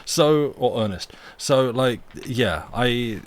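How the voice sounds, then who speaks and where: A man's voice: mid-range voice, animated, slow. A young man hosting a live reading stream, chatting casually at his home desk mic with a rambling, self-deprecating manner. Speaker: storyteller and stream host. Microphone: desk microphone.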